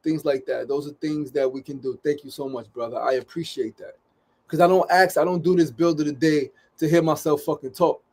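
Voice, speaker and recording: A man hosts a daily live show from a studio, speaking straight to his viewers. His voice sits a little high for a man. He pleads and urges, swears freely and hammers points home by saying them again. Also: fairly even intonation, a little fast, a little mellow. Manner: urgent, pleading, swears often, repeats phrases. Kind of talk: impassioned livestream monologue.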